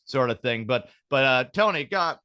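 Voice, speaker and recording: A man's voice: medium pitch, animated, moderate pace, sharp tone, no echo. A man hosting a podcast, rambling through stories in casual comedic chat, swearing freely. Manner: profane, rambling storyteller. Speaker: podcast host.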